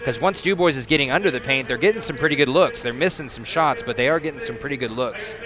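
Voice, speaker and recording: Chatty man announcing a school game. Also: medium pitch. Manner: chatty and easygoing, with frequent pauses and fillers. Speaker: play-by-play announcer. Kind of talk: casual halftime broadcast commentary. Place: high school gym. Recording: noisy gym crowd behind. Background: crowd chatter.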